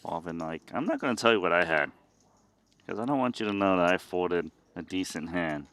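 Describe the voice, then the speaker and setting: A man's voice: low voice, lively intonation, brisk, a bit bright. A man from Sacramento commentating a live poker broadcast, playful and teasing as he quizzes his co-host. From Sacramento, California. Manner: playful, teasing, quiz-giving.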